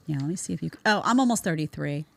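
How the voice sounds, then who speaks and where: A woman in her thirties hosts a commentary show, talking bluntly and sarcastically. Her voice sits a little low for a woman. The sound is close and dry, with no room around it. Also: lively intonation, very fast, creaky, fairly bright tone, no echo. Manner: blunt, sarcastic, mocking put-on voices in quotes. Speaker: show host. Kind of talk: opinionated commentary monologue.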